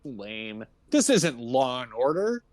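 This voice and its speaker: This is a man co-hosting a casual movie podcast. He rambles through the plot in a middle-pitched voice, leaning on "you know" and laughing easily. The sound is dry and close. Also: big pitch swings, slow, darkish tone, dry recording. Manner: laughs often. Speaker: podcast co-host. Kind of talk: casual movie-review chat.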